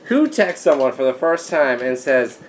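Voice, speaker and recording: A man's voice: mid-range voice, big pitch swings, normal speed, slight background noise. A man hosting a casual podcast chat, teasing and jokey with his guest. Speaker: podcast host.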